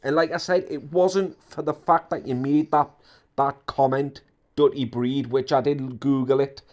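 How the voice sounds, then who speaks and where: A man's voice: mid-range voice, steady tone, moderate pace, darkish tone. A man giving indignant, repetitive ranting commentary on an online drama.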